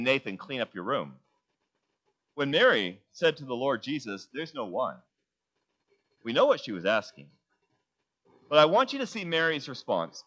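Bright-voiced preacher delivering a sermon. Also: male voice, fairly high pitch, lo-fi sound. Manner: emphatic, asks the congregation questions, then answers them. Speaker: pastor.

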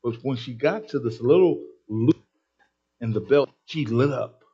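A man preaching a sermon, telling a story with excitable, emphatic energy. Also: medium pitch, a little slow, husky. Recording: dull lo-fi sermon recording.

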